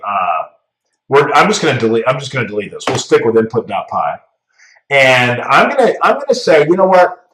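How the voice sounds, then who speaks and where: A man's voice: medium pitch, a bit bright, recorded from a distance. Casual man teaching code, echoey room. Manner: casual, talks through steps, tags "right?". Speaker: programming instructor. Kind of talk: screen-recorded coding lesson. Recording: roomy echo, voice off-mic.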